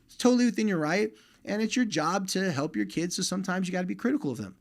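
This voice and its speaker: A man's voice: high-pitched, animated, fast. A man hosting a podcast, talking straight to listening fathers in a casual, direct way and giving advice on relationships with their sons. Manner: direct and conversational, speaking straight to listening dads.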